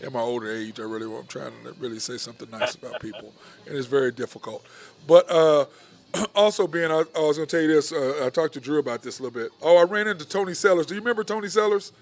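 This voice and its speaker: A man's voice: on the high side, quick pace. A man hosting a show from a bar, telling stories in casual chat and laughing a lot. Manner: laid-back storytelling, laughs a lot. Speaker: podcast host.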